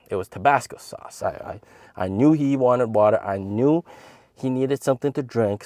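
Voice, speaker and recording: A man in his thirties tells a funny family story straight to camera, his pitch swinging widely as he goes. He slips into high, squeaky voices to quote the people in it. The sound is close and dry. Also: no echo. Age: 30s. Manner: animated, acts out quotes in a high voice. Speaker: channel host.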